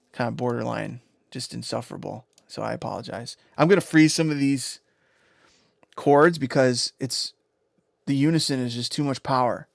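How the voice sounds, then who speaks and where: A man, a music producer on a livestream, explaining sound design in a rambling, excitable way, often swearing and tagging lines with "right?" and "you know?". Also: medium pitch, gravelly, no room sound.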